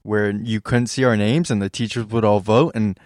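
A man's voice: on the low side, fairly even intonation, moderate pace, a little mellow, no echo. Chill young guy on a podcast, laughs a lot, dry close mic. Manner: laid-back, laughs often. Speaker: podcast co-host. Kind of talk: casual chat.

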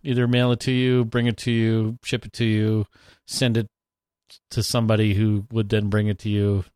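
A man's voice: fairly low pitch, level tone, normal speed, a little mellow, smooth, no echo, studio quality. A man from Canada, co-hosting a podcast in a candid, rambling way. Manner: rambling, candid, swears freely. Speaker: podcast co-host. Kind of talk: casual chat.

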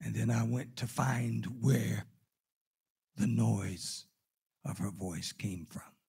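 Gravelly older male preacher telling stories. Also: lowish voice, slow pace. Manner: storytelling, swings from loud exclamations to hushed asides. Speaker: pastor. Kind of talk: sermon.

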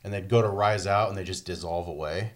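Very deep-voiced man chatting casually. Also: brisk. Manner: rambling, swears freely, acts out quotes. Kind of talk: casual chat about a video game.

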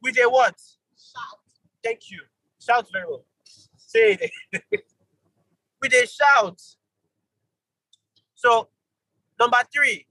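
A man teaching an online Bible study, animated, with sudden jumps in pitch for emphasis and quick apologetic asides. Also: breathy edge, dry recording, poor audio.

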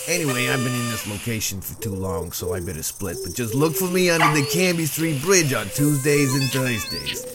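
A man's voice: mid-range voice, animated, moderate pace, few pauses. A man doing brash, crude comic announcer and huckster patter. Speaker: comic radio announcer and pitchman. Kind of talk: sketch comedy.

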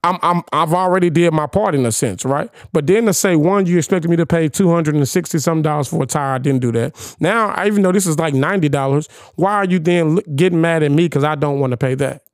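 A young man hosting a podcast, telling a story in casual chat, animated and profane, firing rhetorical questions at his co-hosts. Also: on the high side, quick pace, few pauses, no echo, clean studio sound. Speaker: podcast host.

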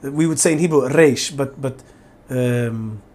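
A man raised in the US talking casually as an interview guest, animated and repeating himself as he restarts. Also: measured pace. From born in Israel, raised in the US. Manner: animated, repeats words and restarts, emphatic swings in pitch.

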